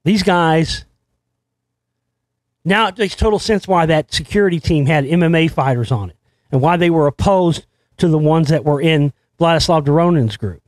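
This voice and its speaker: A man hosting his own show, delivering a rambling, excitable monologue full of restarts and swearing. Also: a little high, normal speed, dry recording. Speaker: show host. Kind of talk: conspiracy commentary monologue.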